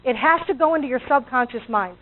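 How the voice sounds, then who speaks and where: Animated high-voiced woman motivational speaker. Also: fairly quick. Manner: animated, acts out inner voices, asks the audience questions. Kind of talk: motivational talk to a live audience. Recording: tinny, phone-like audio.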